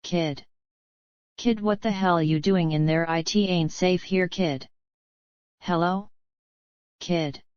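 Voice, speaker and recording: A woman voicing a gruff, grumpy old man survivor who talks bluntly and swears. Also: on the low side, takes it slowly, long pauses, a little mellow, no room sound, muffled recording.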